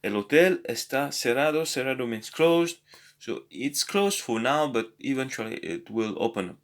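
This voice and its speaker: A man's voice: medium pitch, animated, normal speed. Hesitant man teaching a language lesson. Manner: hesitant, many fillers and restarts. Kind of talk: casual spoken lesson.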